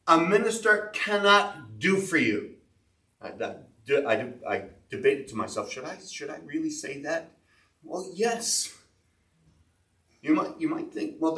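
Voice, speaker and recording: A man's voice: medium pitch, bright, forceful tone. A man preaching a sermon as a pastor, earnestly explaining scripture and reading verses aloud. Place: church. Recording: echoey church room, mic at a distance.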